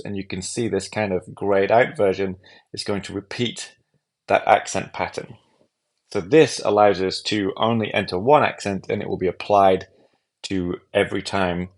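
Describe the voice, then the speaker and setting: A man with a deep voice and a gravelly edge talks through an app tutorial. He explains one step at a time, calm and methodical. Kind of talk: screen-recorded software walkthrough.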